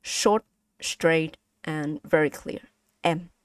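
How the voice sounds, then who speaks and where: A woman's voice: low voice, slow, clear, resonant tone, dry recording. A woman with a Vietnamese accent teaching pronunciation on a casual live stream, patiently repeating sounds for her chat.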